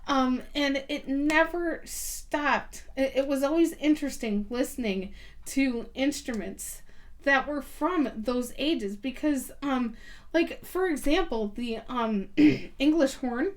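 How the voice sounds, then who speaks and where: A woman's voice: high-pitched, slow pace. A woman guest on a podcast, chatting casually and telling stories with lots of ums and likes, laughing easily. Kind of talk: casual chat.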